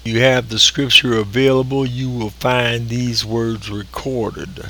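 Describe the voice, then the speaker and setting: A man preaching a recorded sermon, slow and deliberate, leaning on key words with drawn-out emphasis. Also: mid-range voice, flat delivery, fairly bright tone.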